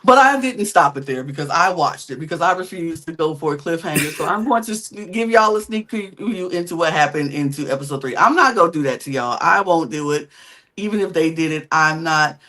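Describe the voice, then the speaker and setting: A woman hosting a podcast, telling a reality-show story in a lively, gossipy way. She talks casually and drops in slang as she goes. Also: low-pitched, fairly quick. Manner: animated, chatty storytelling with slangy quips. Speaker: podcast host.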